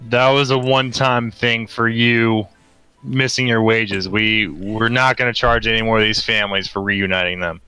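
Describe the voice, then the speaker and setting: Low-voiced guy with a sharp bright tone, earnest in-character role-play, dry close sound. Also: fairly even intonation, moderate pace, smooth, dry recording, faint music behind, low-quality recording. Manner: earnest and reassuring. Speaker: player.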